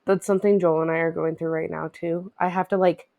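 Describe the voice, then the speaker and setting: A woman's voice: on the low side, little pitch movement, a little fast, vocal fry, a little mellow. A young woman co-hosting a casual chat podcast, frank and blunt, swearing freely as she talks. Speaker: podcast co-host.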